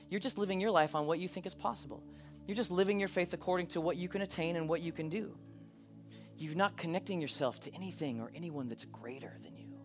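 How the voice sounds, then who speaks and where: A pastor preaching a sermon, moving between hushed, intimate moments and loud, animated bursts. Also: male voice, a little high. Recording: preaching over live keyboard music.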